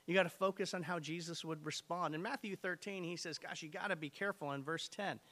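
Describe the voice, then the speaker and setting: A man's voice: fairly high pitch, fairly quick, a bit bright. A man preaching a sermon with energy and emphasis, reading scripture and putting direct questions to his listeners. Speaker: pastor.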